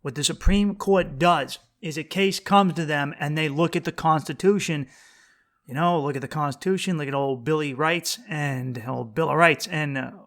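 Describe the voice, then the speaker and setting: At normal speed and with a fairly bright, slightly high voice, a podcast host talks by himself. His solo show is loose and profane, full of blunt tangents, abandoned-and-restarted sentences, and rhetorical questions aimed at listeners.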